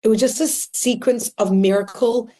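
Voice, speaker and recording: A woman's voice: on the high side, normal speed. Australian woman telling stories animatedly. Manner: emotional, animated storyteller. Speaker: podcast guest. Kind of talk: casual conversational storytelling.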